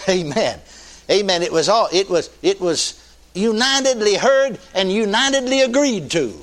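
An older man preaching a sermon in a folksy, animated way, often laughing with his congregation. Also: sits high, measured pace.

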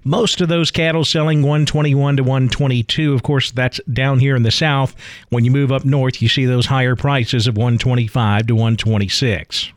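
A man anchors a radio farm market report, reading figures in a brisk, even rhythm. His voice sits at a middle pitch and sounds close and dry. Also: no room sound. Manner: brisk, steady reading of prices.

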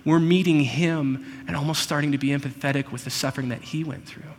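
A man preaching a sermon, earnest and personal, often slowing down to stress a point. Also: a little high, fairly even intonation, big-room sound, a little hiss or hum. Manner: earnest, personal, slows for emphasis. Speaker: pastor.

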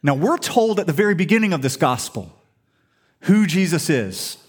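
A man's voice: on the high side, sing-song, normal speed, husky. A man preaching a sermon in an emphatic storytelling way, full of rhetorical questions. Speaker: pastor.

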